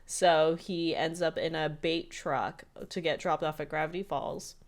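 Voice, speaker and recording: A woman's voice: sits low, steady tone, measured pace. A woman co-hosting a podcast, chatting casually through an episode recap with lots of "like" fillers. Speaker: podcast co-host.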